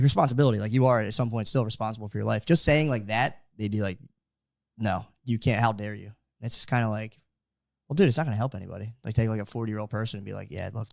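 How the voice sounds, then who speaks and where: A man from the United States talks quickly in loose podcast chat. He rambles and restarts, with filler words all the way through. The mic is close and the sound dry, with no room in it. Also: on the low side, gravelly, a little mellow, no room sound. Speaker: podcast co-host. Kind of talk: casual chat.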